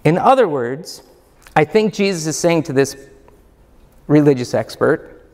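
Male pastor, high pitch, unhurried emphatic sermon delivery, hall reverb. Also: expressive, a little mellow. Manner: emphatic, rhetorical questions.

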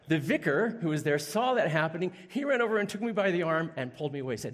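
Man, pastor preaching, slightly high pitch, fervent then hushed, long hall reverb. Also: expressive, fast talker, hardly any pauses. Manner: storytelling, rising to fervent emphasis on quoted lines, dropping to hushed pleas. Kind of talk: sermon.

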